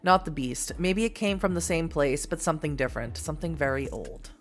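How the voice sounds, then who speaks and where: A woman's voice: sits low, lively intonation, fairly quick, soft background music. A woman voicing a sour, angry woman who lives alone in a caravan and speaks in a bitter, accusing way. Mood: grim explaining.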